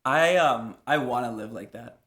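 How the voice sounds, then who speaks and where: A man's voice: mid-range voice, moderate pace, fairly bright tone. Dry-joking man in an echoey room. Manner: dry quips. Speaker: podcast co-host. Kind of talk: casual chat.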